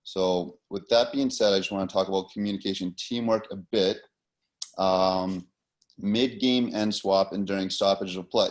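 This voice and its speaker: A man's voice: sits low, steady tone, moderate pace. A man with an American accent teaching linesman positioning in a loose, casual way, with plenty of fillers and repeated words. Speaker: hockey officiating instructor. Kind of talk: instructional talk.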